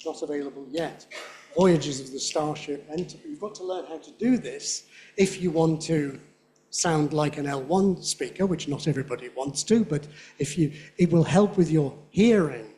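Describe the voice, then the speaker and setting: A man giving a lively conference lecture, often checking in with his audience. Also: fairly high pitch, normal speed. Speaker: linguistics lecturer.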